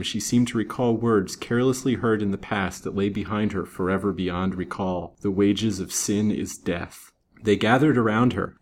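A man reads an old melodramatic novel aloud in a measured, dramatic storytelling manner. His voice sits on the low side. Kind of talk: scripted narration of a Victorian novel.

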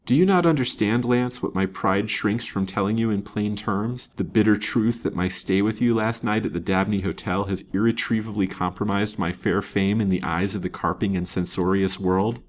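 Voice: deep voice, fairly quick, few pauses. A proud young woman speaks with passionate reproach, voiced by a storybook reader. She sounds anguished and intense. She delivers lines from an old serial novel. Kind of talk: storybook reading.

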